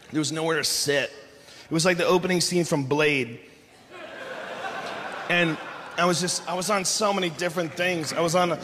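A man doing a profane, ranting live stand-up set on a theater stage with a handheld mic. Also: high voice. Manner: loud, ranting, profane delivery. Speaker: stand-up comedian. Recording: echoey live theater with crowd noise.

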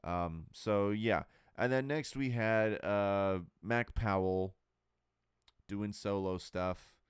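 A man's voice: on the low side, smooth, no room sound, studio quality. A man hosting his own podcast, giving candid, rambling opinions in a casual monologue full of fillers and restarts. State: burping and hiccuping. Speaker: podcast host.

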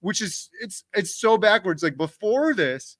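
A man in his forties hosting a casual livestream with his wife, telling stories in an animated way. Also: high-pitched, a little slow, dry recording, studio quality. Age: 40s. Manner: animated storytelling, talks over his wife. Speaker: host.

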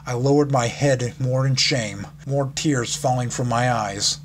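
A man's voice: mid-range voice, fairly even intonation, a little slow. A man reads a fan fiction story aloud in a casual way, with small slips and restarts. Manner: casual reading with slips and laughs. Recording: background noise.

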